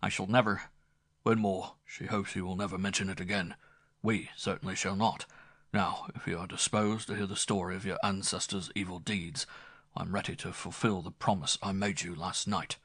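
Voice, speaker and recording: A man playing a grave, kindly older gentleman speaking to a young man. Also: low-pitched, steady tone, moderate pace, dry recording, clean studio sound. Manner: grave, fatherly.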